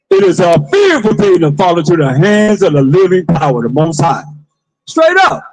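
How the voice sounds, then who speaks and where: A man street preaching to passers-by, with forceful call-and-response, repeated phrases and bursts of shouting. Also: high voice, low-quality recording. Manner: forceful call-and-response, commands a reader to read.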